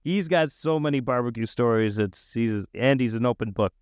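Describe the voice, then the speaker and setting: A man's voice: medium pitch, normal speed, a little mellow, smooth, no echo, studio quality. A man hosting a podcast, chatting in an enthusiastic, affirming and thankful way. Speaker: podcast host. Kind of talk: casual interview chat.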